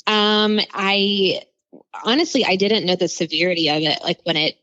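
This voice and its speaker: A woman's voice: mid-range voice, moderate pace, fairly bright tone, no echo. A young woman, a teacher, talking candidly in a casual interview, rambling a little and poking fun at herself. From New Orleans, USA. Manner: candid, rambling, self-deprecating. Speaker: fourth grade teacher, guest. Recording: dull lo-fi audio.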